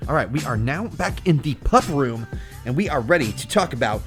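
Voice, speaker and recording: A man's voice: medium pitch, sing-song, moderate pace, a bit bright, faint music behind. A young man hosting a casual dog vlog, goofy and playful, joking with rhyming slang and talking to his dogs at home. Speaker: vlog host.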